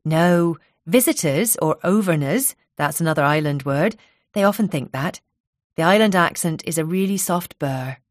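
A woman voicing a chatty, cheerful young hairdresser with a soft Isle of Wight burr, talking in a friendly, bubbly way. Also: sits low, expressive, moderate pace, no room sound, studio quality.

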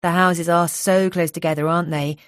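A woman voicing a chatty, cheerful young hairdresser with a soft Isle of Wight burr, talking in a friendly, bubbly way. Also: on the low side, fairly even intonation, brisk, no echo, studio quality, natural voice.

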